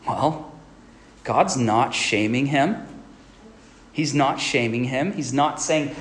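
A man's voice: medium pitch, slow, long pauses. Earnest male pastor preaching. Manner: earnest, often asks "right?". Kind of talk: sermon.

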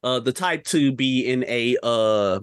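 A man's voice: medium pitch, takes it slowly, clean tone, dry recording, studio quality. A young man co-hosting a podcast, ranting animatedly about films with slang and rhetorical questions. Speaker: podcast co-host. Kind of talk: casual film-review rant.

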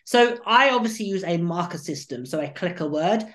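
A man, a dog trainer and coach, explaining his training methods at length in an animated interview. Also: sits high, normal speed. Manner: animated, acts out what the dog thinks. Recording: roomy echo.

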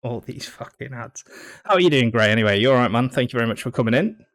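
A man's voice: medium pitch, animated, fast, fairly bright tone. Man, podcast co-host, casual chat, sweary, rambling, home mic. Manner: sweary, rambling, laughs often.

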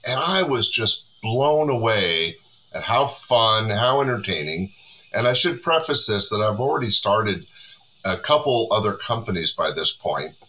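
A man in his sixties, a comedy club owner, chatting casually as an interview guest with relaxed rambling. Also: on the low side, unhurried, a little hiss or hum, rough recording.

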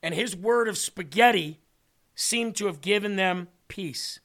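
Speaking at a measured pace in a voice that sits high, this host and preacher animates a sermon-style story on his faith show. He voices the people in it by acting out their dialogue.

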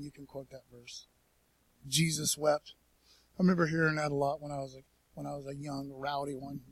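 A man's voice: a little high, no echo. A man preaching a casual, conversational sermon in church, folksy, with lots of "man" and "you know". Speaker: pastor.

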